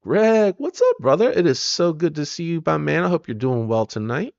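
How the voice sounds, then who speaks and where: A man's voice: on the high side, sing-song, normal speed, vocal fry, darkish tone, no echo, lo-fi sound. A man hosting a live stream, chatting casually and rambling as he greets viewers by name.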